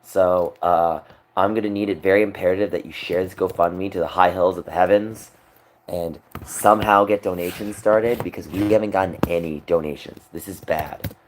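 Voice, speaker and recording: A man's voice: deep voice, fairly even intonation, normal speed, slight background noise. Upset, rambling young man streaming. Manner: upset, rambling, repeats himself. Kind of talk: emotional livestream monologue.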